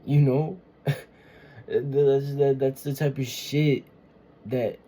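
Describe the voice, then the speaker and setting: A vlogger speaks in a casual confessional monologue that is rambling and emotional, often swearing and searching for words. His mid-range voice has a dark tone and stays steady at a slow pace.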